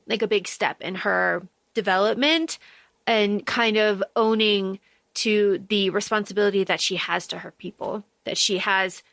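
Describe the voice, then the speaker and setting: A woman's voice: mid-range voice, gravelly, fairly bright tone, dry recording. A woman co-hosting a podcast, chatting casually about a book with lots of fillers, quoted asides and casual swearing. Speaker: podcast co-host.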